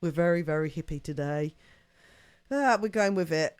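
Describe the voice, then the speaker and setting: A woman's voice: deep voice, normal speed, a little mellow, smooth, no room sound. A woman hosting a live stream, chatting casually and rambling with lots of fillers and laughter. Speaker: livestream host.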